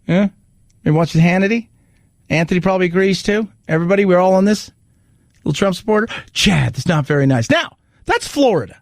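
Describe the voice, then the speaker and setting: Gravelly, high-voiced talk radio host. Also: male voice, fast talker, no echo, studio quality. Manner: animated storyteller who acts out voices in jokes. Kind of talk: casual talk radio commentary. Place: radio studio.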